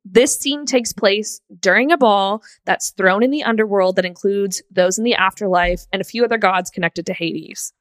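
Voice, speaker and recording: A woman's voice: medium pitch, moderate pace, few pauses, no room sound. A woman co-hosting a podcast, gushing and giggling as she talks, with casual swearing. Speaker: podcast co-host. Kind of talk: casual chat.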